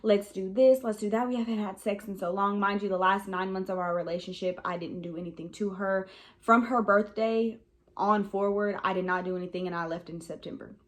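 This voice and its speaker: A woman's voice: medium pitch, fairly even intonation, fairly quick, fairly bright tone. A young adult woman telling a personal story in a casual vlog, rambling and frank with many "um"s and "like"s. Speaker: vlogger.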